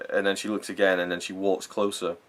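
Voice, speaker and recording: A man's voice: low-pitched, fairly bright tone. A young man giving a rambling, enthusiastic spoken film review, full of fillers and self-corrections.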